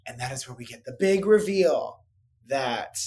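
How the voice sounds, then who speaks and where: Man, medium pitch, casual co-host, breaks into mocking impressions. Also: normal speed. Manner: animated, mocking impressions, lots of fillers. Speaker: podcast co-host. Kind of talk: casual chat about films.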